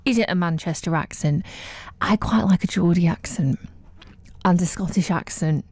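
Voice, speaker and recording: Mancunian woman radio host, lowish voice, dry close studio mic, chatty and upbeat with filler words. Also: normal speed, darkish tone, husky, no room sound. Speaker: breakfast radio presenter. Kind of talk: chatty live radio presenting. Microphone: studio microphone.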